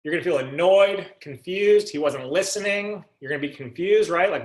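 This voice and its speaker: A man with a high-sitting voice at normal speed runs a sales coaching call in an echoey room. He leans on rhetorical questions and checks in with his listeners, repeatedly asking "right?"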